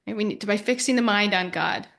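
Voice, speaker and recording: A woman hosting a podcast, giving an earnest, gentle spiritual talk and repeating words as she thinks. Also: medium pitch, fast talker, creaky. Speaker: podcast host.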